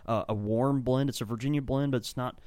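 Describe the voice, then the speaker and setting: A man's voice: medium pitch, steady tone, brisk, a little mellow, clear, resonant tone, dry recording. A man who owns a tobacco shop, chatting enthusiastically in a rambling way and often restarting his sentences. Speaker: tobacco shop owner and blender. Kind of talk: casual podcast chat.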